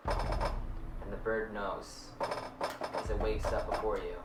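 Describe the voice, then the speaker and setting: A man's voice: fairly low pitch, little pitch movement, slow pace, very noisy. A man doing a grumpy bread-hating bird. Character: grumpy male bird who hates bread. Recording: roomy, distant, loud music behind.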